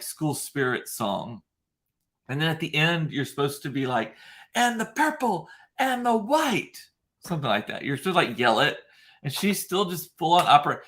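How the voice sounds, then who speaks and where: This male vlogger speaks at a medium pitch with a slightly bright tone, chatting casually. His gossipy, rambling story is peppered with campy asides and impressions that mock others.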